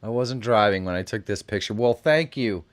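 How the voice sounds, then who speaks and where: A man's voice: on the low side, moderate pace. A middle-aged man hosting a live stream, chatting casually, reacting to messages and laughing often. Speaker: live show host. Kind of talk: casual live-stream chat reading comments.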